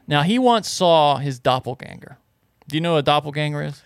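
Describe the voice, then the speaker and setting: A man's voice: fairly high pitch, expressive, a little fast, smooth, no room sound. A man co-hosting a podcast in casual chat, laughing along and teasing dryly. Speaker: podcast co-host.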